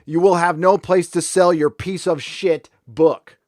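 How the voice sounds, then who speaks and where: A man's voice: on the high side, steady tone, a little slow, darkish tone, no echo, clean studio sound. A man hosting a live stream, ranting angrily with heavy profanity, then easing into casual chat with viewers. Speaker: livestream host.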